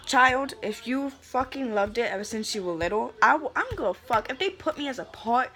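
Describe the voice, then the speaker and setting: In a brisk, heated vlog rant about wrestling, a young woman swears freely, calls people "honey," and brims with sass and energy. Her voice runs on the high side, pushed and bright, with lively intonation.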